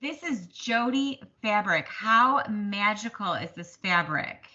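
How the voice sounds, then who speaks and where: A mid-range woman's voice, lively in intonation, moves at a slow pace with a bright, forceful tone. She co-hosts a casual stitching chat, talking freely, running herself down and laughing often, all in slightly dull lo-fi sound.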